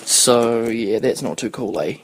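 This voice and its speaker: A man in his twenties hosts a podcast, chatting in a casual, rambling way, swearing freely and losing his thread. His voice is mid-range and his pace measured.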